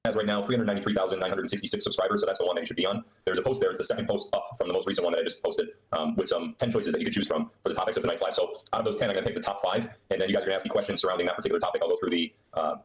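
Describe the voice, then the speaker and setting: A man's voice: low-pitched, steady tone, very fast, hardly any pauses, roomy sound, low-quality recording. A man hosting a live question-and-answer stream from his laptop, rambling and sarcastic as he chats to viewers. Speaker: livestream host. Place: indoor room on a trip. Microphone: laptop microphone.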